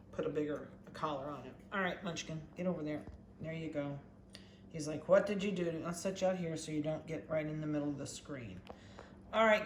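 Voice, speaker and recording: A dog breeder chatting casually while weighing and collaring puppies, talking softly and coaxingly to them. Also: medium pitch. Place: indoor kennel room. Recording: echoey room with faint background noise.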